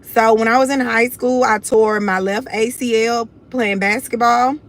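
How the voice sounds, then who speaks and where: A young livestream host from Houston, Texas speaks in a slightly high voice with fairly even intonation and a measured pace. Her Southern Houston accent colors her casual, blunt talk, and she confidently calls viewers "y'all."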